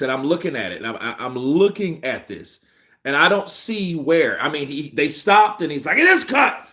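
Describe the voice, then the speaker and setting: Hosting a livestream about boxing, a man with a high-sitting voice rants with excitement, circling back over the same points as he thinks aloud.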